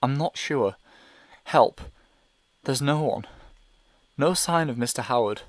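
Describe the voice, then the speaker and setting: A man's voice: medium pitch, expressive, slow, no room sound. A man reading a novel aloud in first person, with an anxious, hesitant inner monologue. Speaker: audiobook reader.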